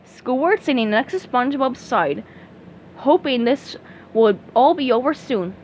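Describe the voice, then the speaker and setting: A woman reading a storybook aloud, lively, with small slips and restarts. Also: high-pitched, a little slow, a little hiss or hum, poor audio. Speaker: storybook reader.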